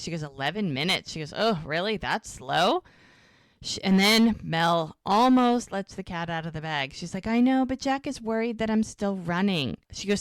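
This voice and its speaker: A woman co-hosting a TV rewatch podcast, retelling scenes in a lively, chatty way and acting out the characters' lines. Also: fairly low pitch, clear, resonant tone, no echo. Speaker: podcast co-host. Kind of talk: casual rewatch podcast recap.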